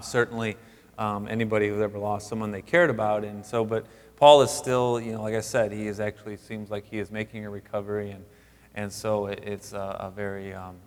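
Male pastor, 30s, informal sermon with stop-start delivery, lowish pitch, reverberant hall. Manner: halting, many fillers and restarts.

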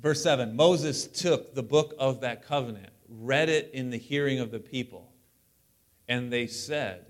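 A male pastor preaching a sermon in a church, animated and lively, breaking up the teaching with joking asides. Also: medium pitch, moderate pace. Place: church sanctuary.

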